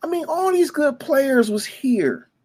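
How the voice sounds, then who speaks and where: A man from Detroit, a former youth football coach, talking off the cuff as a fan. He gets emotional, repeats himself, stumbles over words and breaks into sudden loud bursts. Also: extremely high pitch, very animated, a little slow. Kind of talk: emotional unscripted fan monologue.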